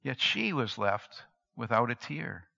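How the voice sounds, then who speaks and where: A man reading a story aloud dramatically, moving between hushed and emphatic delivery. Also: mid-range voice, sing-song, slow pace, vocal fry. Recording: dull lo-fi recording in a reverberant hall.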